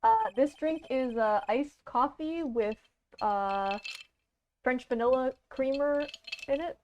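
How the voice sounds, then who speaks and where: A woman's voice: high-pitched, slow pace, a little mellow, slight background noise. Rambling Canadian woman streamer. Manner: rambling, self-deprecating, many fillers. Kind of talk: casual let's-play chat. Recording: dull lo-fi stream audio.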